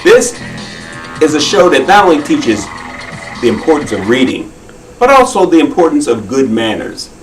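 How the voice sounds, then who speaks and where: A man's voice: a little high, big pitch swings, moderate pace, long pauses, recorded from a distance, faint music behind, rough recording. Man hosting a kids' magic show. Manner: friendly, instructive, talks straight to viewers. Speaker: magician host of a children's show. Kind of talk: children's TV magic show patter.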